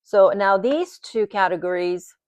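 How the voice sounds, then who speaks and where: A woman's voice: mid-range voice, a little slow, darkish tone, no echo. A woman teaching recitation at a board, explaining patiently and demonstrating each sound several times.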